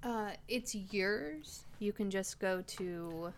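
A woman playing a tabletop game, describing her character's actions in a relaxed, hesitant way. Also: medium pitch, slow pace, slight background noise. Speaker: player.

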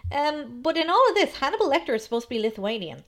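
A woman's voice: high voice, sing-song, quick pace, fairly bright tone. A woman co-hosting a podcast, chatting analytically about film with plenty of ums. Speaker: podcast co-host. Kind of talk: casual film discussion.

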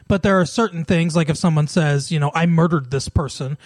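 A man's voice: fairly high pitch, brisk, dry recording. A man co-hosting a podcast in casual chat, talking at length and often laughing as he retells scenes. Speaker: podcast co-host.

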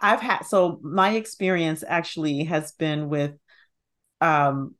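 A middle-aged woman with a fairly low voice, speaking as an expert guest. She explains concepts in a thoughtful, conversational way and often pauses on fillers. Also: a bit bright. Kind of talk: conversational interview.

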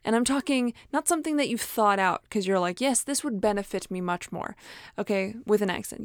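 A motivational speaker gives a casual talk in a chatty, encouraging way, laughing often and acting out inner voices. Her voice is mid-range at normal speed, smooth, and recorded dry with clean studio sound.

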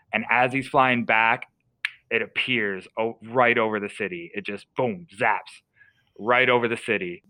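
A man's voice: lowish voice, sharp tone, dry recording, rough recording. A young man, a podcast co-host, casually retelling a story with lots of fillers and restarts.

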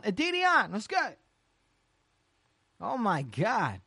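An internet radio host rattling off quick, slangy shout-outs in casual, hyped chatter. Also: mid-range voice, huge pitch swings, slightly rough, no echo. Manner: rapid repeated shout-outs, loose slangy banter.

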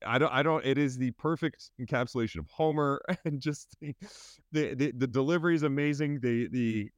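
A man co-hosting a podcast in casual chat, laughing often and stammering when he gets excited. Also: medium pitch, a little fast, smooth, no echo. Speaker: podcast co-host.

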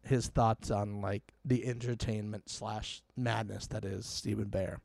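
A man's voice: lowish voice, a little slow, vocal fry, no echo. A man co-hosting a podcast, chatting casually about a reality show and acting out what people said. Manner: animated storyteller who acts out quotes and mimics fake laughter. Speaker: podcast co-host.

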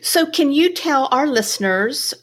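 A woman's voice: sits high, animated, measured pace. A woman hosting a podcast, interviewing her guest with an enthusiastic, effusive manner. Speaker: podcast host.

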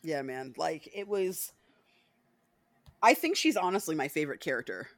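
A woman's voice: sits low, big pitch swings, normal speed, no room sound. A woman hosting a podcast, chatting casually and animatedly, swearing freely and acting out movie lines. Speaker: podcast host.

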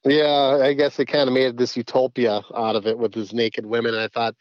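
A man's voice: medium pitch, little pitch movement, a little fast, few pauses, dry recording, muffled recording. A man chatting as a podcast guest, rambling with many restarts. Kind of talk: casual podcast chat.

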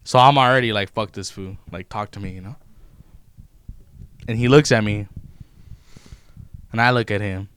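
A young man, telling stories in a loose, profane, animated way in casual chat. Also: on the low side, normal speed, long pauses, clear, resonant tone. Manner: profane, animated retelling of customer-service run-ins.

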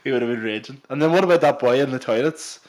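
A young man co-hosting a podcast, trading stories with a friend. His voice sits at an ordinary middle pitch. He talks loosely, laughs often and swears freely. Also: quick pace. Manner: laughing banter, swearing, local slang. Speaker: podcast co-host. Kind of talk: casual chat.

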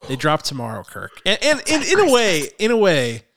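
A man's voice: high-pitched, wildly swooping pitch, moderate pace, gravelly, fairly bright tone. A man hosting a movie podcast in casual chat, rambling with lots of fillers. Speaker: podcast host.

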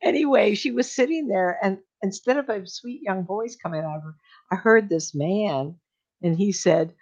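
An older woman, a medium, telling stories in a casual, animated way on a talk show, acting out the voices she quotes and laughing often. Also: medium pitch, moderate pace. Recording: dull lo-fi sound.

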